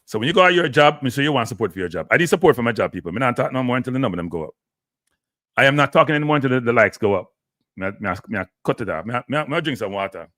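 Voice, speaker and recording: A man's voice: mid-range voice, expressive, rapid-fire, fairly bright tone, no room sound, clean studio sound. A Jamaican man hosting a live stream, annoyed and pleading with his viewers. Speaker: live show host.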